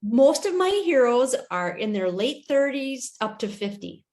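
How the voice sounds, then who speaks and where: A woman's voice: fairly high pitch, big pitch swings, unhurried, a little mellow. A woman host and author in casual chat, telling stories in a chatty, rambling way with many restarts.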